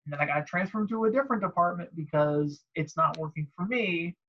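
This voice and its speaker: A man co-hosting a podcast, telling animated stories and mimicking callers. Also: a little high, quick pace, dull audio. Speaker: podcast co-host. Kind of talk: casual chat.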